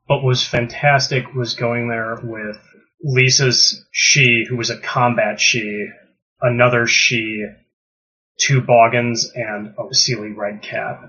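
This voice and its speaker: A man gushes enthusiastically about a live-action game night in casual chat. His voice has a slightly husky edge. The recording sounds dull and lo-fi. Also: mid-range voice, flat delivery, takes it slowly, bright, forceful tone. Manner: enthusiastic, gushing.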